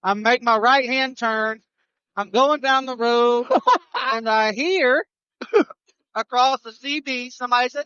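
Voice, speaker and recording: A man, a trucker co-host telling a road story on a live show, animated and restarting his sentences. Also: very high voice, unhurried, pauses often, clear, resonant tone, no echo, lo-fi sound.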